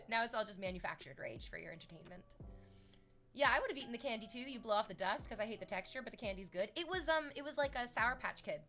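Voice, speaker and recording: A woman's voice: medium pitch, a bit bright. A woman streamer chatting casually and sarcastically, reading chat messages aloud.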